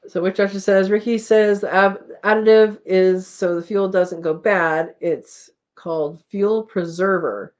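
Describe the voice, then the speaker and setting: A woman's voice: mid-range voice, fairly even intonation, measured pace, hardly any pauses. Chatty woman hosting a live chat. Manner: chatty, rambling, laughs often, reads comments aloud. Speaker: homesteading live chat host. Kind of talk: casual live chat reading viewer comments.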